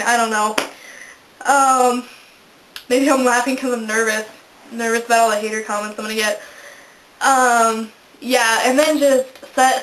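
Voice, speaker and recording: A young woman in her twenties chats to camera in a casual vlog, her voice sitting a little high. She giggles often and makes fun of herself as she goes. The room around her rings with some echo. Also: a bit bright, slight background noise. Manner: chatty, giggly, self-deprecating. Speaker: vlogger. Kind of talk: casual chat. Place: indoors, a room in a house. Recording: echoey room.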